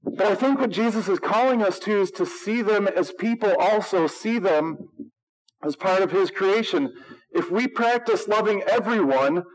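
A man's voice: sits high, moderate pace, low-quality recording. A man preaching a sermon as pastor, in a conversational, wry and sarcastic way, acting out quoted voices.

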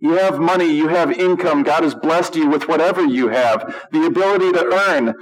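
A male pastor giving an animated, emphatic sermon, with humor and acted-out quotes. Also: fairly high pitch, moderate pace, low-quality recording.

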